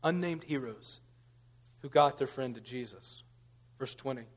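A man's voice: medium pitch, measured pace, in a large hall. A man preaching a sermon, building to emphatic rhetorical questions. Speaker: pastor.

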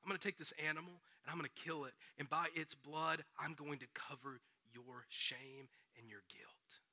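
A man's voice: fairly high pitch, steady tone, quick pace, pushed and bright, dry recording, pitched below the performer's own voice. A man voicing God in a sermon, earnest and declaring. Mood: solemn. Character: God speaking, solemn and promising.

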